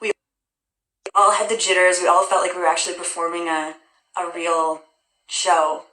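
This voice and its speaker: A woman's voice: on the low side, level tone, moderate pace, sharp tone. A woman hosting a casual livestream, answering fan questions in a bubbly, self-deprecating way with lots of "um"s. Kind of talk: casual chat. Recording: roomy echo.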